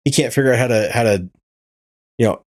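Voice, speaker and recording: A man's voice: mid-range voice, fast, a little mellow. Ranting profane male podcast host. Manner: ranting, profane, repeats words often. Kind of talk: casual chat.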